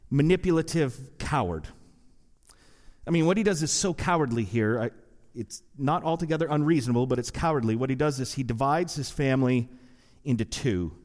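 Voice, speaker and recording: A man preaching a sermon, retelling a story in a lively way with acted-out quotes and wry asides. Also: medium pitch. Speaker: pastor. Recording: long hall reverb.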